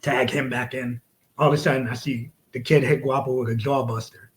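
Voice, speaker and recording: Male wrestler, forties, from the United States: loose, profane, animated storyteller with a mid-range voice. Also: mid-range voice, a little fast, a little hiss or hum, rough recording. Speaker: wrestler guest. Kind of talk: casual storytelling interview.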